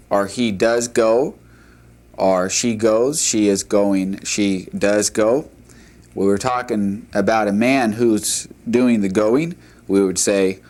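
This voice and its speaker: Slow, low-voiced man teaching a language. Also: darkish tone. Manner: deliberate, repeats and models pronunciation. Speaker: Hebrew teacher. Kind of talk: slow classroom lecture.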